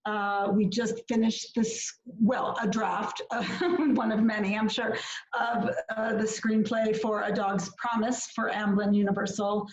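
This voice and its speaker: A woman's voice: mid-range voice, level tone, measured pace, muffled recording. Chatty woman on an echoey video call. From Minnesota. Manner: chatty, laughing, many fillers. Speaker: guest, filmmaker. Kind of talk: casual interview chat.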